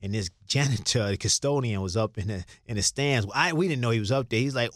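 Talking fast with few pauses, an older Chicago man who used to play basketball rambles through stories in a relaxed interview. His medium-pitched voice is fairly bright, and the studio-quality recording has no echo. He often restarts and acts out quoted lines.

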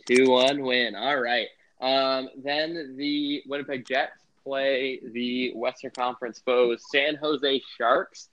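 A man's voice: medium pitch, steady tone, slow pace, fairly bright tone. A young man hosting a casual sports podcast, rambling with lots of filler words. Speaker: podcast host. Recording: muffled lo-fi sound.

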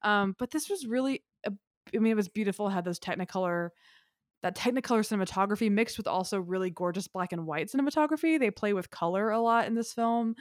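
A woman's voice: mid-range voice, fast talker, dry recording, studio quality. Eager, chatty woman podcast host. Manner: enthusiastic, rambling, lots of "like". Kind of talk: casual film chat.

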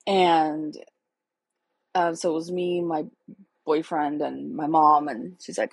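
A woman's voice: low voice, little pitch movement, unhurried, gravelly, breathy edge, no echo, poor audio. A woman in her thirties candidly telling her own life story in a casual, emotional, chatty way. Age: 30s.

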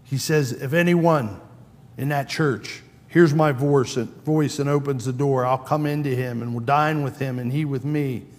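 A man's voice: mid-range voice, steady tone, unhurried, darkish tone, long reverb tail. A man preaching a sermon in a conversational way, acting out quoted lines with a raised voice. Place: church sanctuary.

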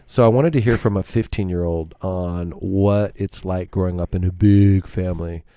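Deep laid-back middle-aged man. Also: fairly even intonation, normal speed, warm tone, smooth, dry recording. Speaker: podcast host, father. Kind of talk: casual podcast chat.

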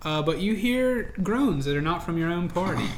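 A man's voice: sits high, animated, moderate pace, heavy background noise. A man narrating a tabletop game as game master, rambling with many fillers and restarts.

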